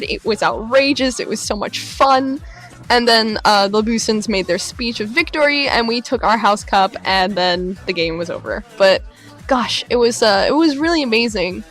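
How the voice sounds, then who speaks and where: Young woman vlogger, a touch high-voiced, animated storyteller who acts out quotes, faint music bed. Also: moderate pace. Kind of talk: excited storytelling recap.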